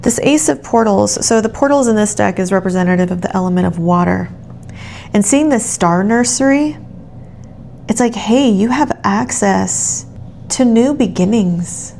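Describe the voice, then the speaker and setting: A woman giving a soothing channeled tarot reading, speaking gently and affirmingly straight to the listener. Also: mid-range voice, lively intonation, moderate pace, vocal fry, a little hiss or hum. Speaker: tarot reader.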